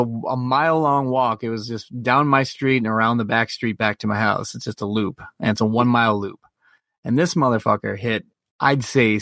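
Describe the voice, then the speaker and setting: A man's voice: medium pitch, a bit bright, no room sound, clean studio sound. A man co-hosting a podcast, telling a long, profane story in casual chat. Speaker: podcast co-host.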